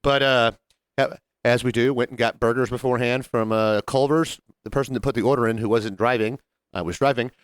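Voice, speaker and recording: A man co-hosting a podcast in casual chat, telling stories in an animated way and swearing for emphasis. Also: medium pitch, fairly quick, smooth, no echo. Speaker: podcast co-host.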